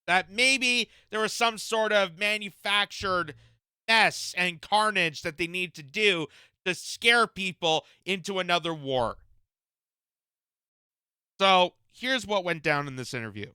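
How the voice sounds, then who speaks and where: Brief: emphatic male commentator, bright ringing voice, dry close sound. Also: high-pitched, slow, clean tone, dry recording. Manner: indignant, emphatic. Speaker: political commentator. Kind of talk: reaction commentary.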